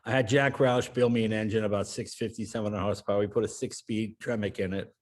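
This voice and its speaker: An older American man telling family stories in an animated way, breaking into loud shouted voices for the people in them. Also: on the low side, fast. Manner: acts out family members in raised, shouting voices. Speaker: guest. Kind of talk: animated storytelling.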